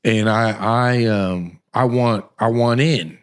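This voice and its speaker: A man's voice: on the low side, takes it slowly, clean tone. A man, hosting a podcast and telling stories in a casual, rambling way with lots of restarts. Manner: rambling, animated storytelling with many restarts. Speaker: podcast host. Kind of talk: casual conversation.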